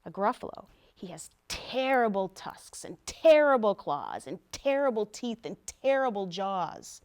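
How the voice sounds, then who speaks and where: A woman's voice: mid-range voice, big pitch swings, measured pace, a little mellow, clean tone. A woman doing a cheeky little mouse. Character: small clever brown mouse, tricky.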